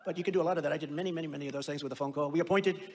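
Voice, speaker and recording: A man's voice: fairly high pitch, steady tone, racing, darkish tone. A man giving a rally speech in a rambling, boastful, repetitive way. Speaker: political speaker.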